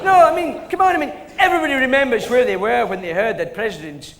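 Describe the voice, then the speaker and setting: A man's voice: extremely high pitch, quick pace, gravelly, fairly bright tone, exaggerated voice. A man with a Scottish accent impersonating a rambling, forgetful older football pundit who loses names mid-sentence. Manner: rambling, forgetful, full of "you know" and "eh?". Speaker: comedian doing an impression. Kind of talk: live sketch comedy. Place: live stage before an audience. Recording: live hall with audience and noise.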